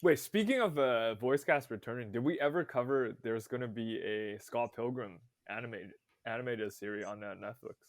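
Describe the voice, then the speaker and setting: A man's voice: medium pitch, normal speed, few pauses, no room sound. A young man co-hosting a casual movie podcast, easygoing and agreeable. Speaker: podcast co-host.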